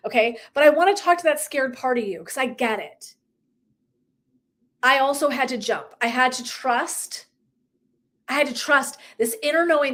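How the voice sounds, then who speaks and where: A woman's voice: sits high, a bit bright. Emphatic, swearing woman coach. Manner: emphatic, profane, laughs often, acts out dialogue. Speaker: wellness and life coach. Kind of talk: live motivational coaching talk.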